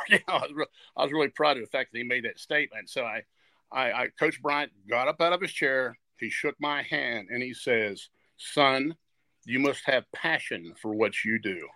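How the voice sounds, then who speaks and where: A man in his sixties from West Virginia, a podcast interview guest, tells stories earnestly and frequently restarts and repeats himself. His medium-pitched voice is fairly quick with a sharp tone, and the recording is dry.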